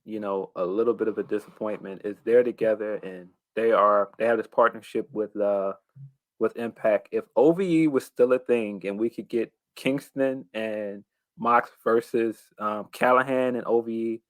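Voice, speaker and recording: Measured man cohosting a podcast. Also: on the low side, fairly even intonation, dry recording. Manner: measured, hesitant, with many restarts and fillers. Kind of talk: casual wrestling podcast chat.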